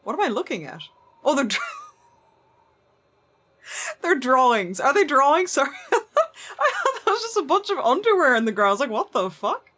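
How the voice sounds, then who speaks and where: A woman's voice: high voice, big pitch swings, moderate pace, pauses often, sharp tone. A woman streaming a horror game, chatting and joking as she plays, swearing casually and talking back to the characters. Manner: talks to the game's characters. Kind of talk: live gameplay commentary.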